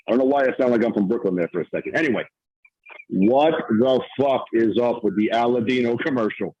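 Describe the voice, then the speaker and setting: A man's voice: medium pitch, fairly quick, darkish tone, husky, highs cut off. A man calling in by voicemail, griping with profane, exasperated humor. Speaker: caller. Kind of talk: voicemail call-in rant.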